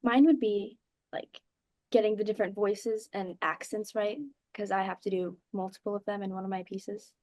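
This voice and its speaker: Animated teen girl, dry sound. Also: medium pitch, moderate pace, no room sound. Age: teens. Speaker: speech team student.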